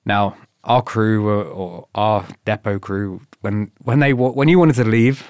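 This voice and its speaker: Laughing, swearing storyteller man, low voice. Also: a little slow, a little mellow, no room sound, clean studio sound. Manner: laughs often, swears, quotes others in retold dialogue. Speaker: guest. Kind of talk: casual interview storytelling.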